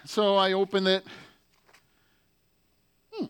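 A man's voice: on the high side, expressive, a little slow, pauses often. A man telling a story in a casual, chatty way, full of fillers and wry asides.

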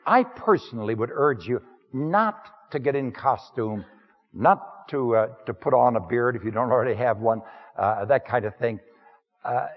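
Husky, lively-voiced man teaching preachers. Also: mid-range voice, in a large hall, dull audio. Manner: folksy, earnest, frequent uh fillers. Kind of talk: lecture on preaching craft.

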